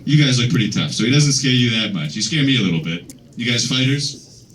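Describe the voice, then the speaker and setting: A man's voice: medium pitch, animated, fairly quick, fairly bright tone. A man doing a stand-up set and teasing the crowd. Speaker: stand-up comedian. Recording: distant mic with faint noise.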